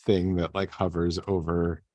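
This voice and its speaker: A man's voice: sits low, little pitch movement, a little slow, darkish tone, dry recording. A man co-hosting a podcast in casual chat, rambling loosely and swearing offhandedly. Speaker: podcast co-host.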